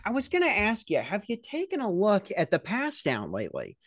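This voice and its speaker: A man voicing his fussy older coworker, lecturing in a slow, prim way. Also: high-pitched, huge pitch swings, fairly bright tone, husky, no echo, studio quality, pitched above the performer's own voice, exaggerated voice. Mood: pedantic.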